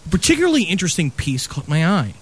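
A man reads a horror story aloud on a comedy podcast, breaking in with playful jokes. His voice sits fairly high. His pitch rises and falls a great deal. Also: huge pitch swings, fast talker, slightly rough. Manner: joking, playful asides. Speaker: podcast host reading a story.

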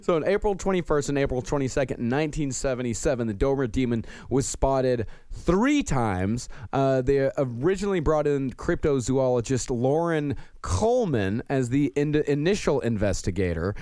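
A man co-hosting a casual podcast, reading out details of strange creatures in an even storytelling way. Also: medium pitch, normal speed, few pauses, no echo, studio quality. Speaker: podcast co-host. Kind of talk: casual podcast chat, reading cryptid lore.

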